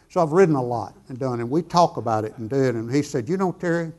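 A man's voice: mid-range voice, darkish tone. A middle-aged man, preaching a testimony as a folksy, conversational story, acting out both sides of the dialogue. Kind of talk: sermon storytelling.

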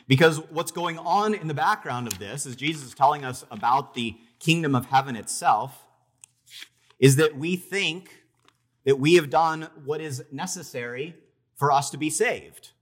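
A man's voice: a little high, expressive, normal speed, fairly bright tone. Man preaching a storytelling sermon. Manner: storytelling with conversational restarts. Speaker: pastor.

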